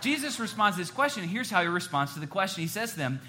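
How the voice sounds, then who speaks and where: A male pastor in full sermon flow, animated and cracking jokes at his congregation between scripture readings. His voice sits high for a man and rings bright and forceful, preaching in a church. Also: fast. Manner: animated, joking asides to the congregation.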